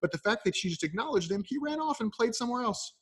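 Fast-talking man, animated storyteller. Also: very high-pitched, slightly rough. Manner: animated storyteller, acts out voices. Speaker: coach, podcast guest. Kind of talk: casual interview conversation.

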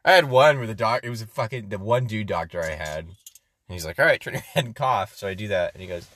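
Lively, bright-voiced young man laughing. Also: lowish voice, fast. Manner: laughs often, quotes people in an acted voice. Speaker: podcast co-host. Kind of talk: crude casual chat.

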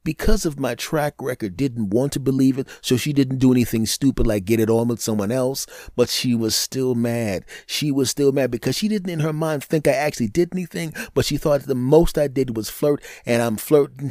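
Give me a man of medium pitch telling a funny story on his podcast, animated and full of silly vocal sound effects, recorded dry. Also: no room sound. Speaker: podcast host. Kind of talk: comedic storytelling monologue.

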